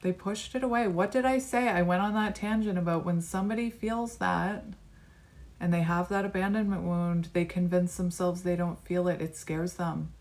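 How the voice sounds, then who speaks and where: A woman with a lowish voice gives a tarot reading straight to the camera. She muses aloud over each card in a reflective, unhurried way. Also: steady tone, a little mellow. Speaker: tarot reader.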